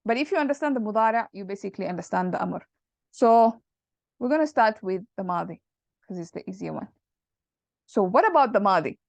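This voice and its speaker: Give me a jokey woman teacher telling a story lesson, with a raspy fry, on a dry close recording. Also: mid-range voice, brisk, pauses often, dry recording, highs cut off. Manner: jokey, conspiratorial, animated.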